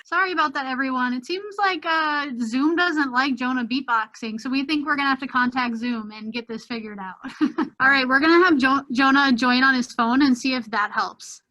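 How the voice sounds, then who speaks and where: High bright woman running the event, apologetic and explaining. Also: normal speed, muffled recording. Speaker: event organizer.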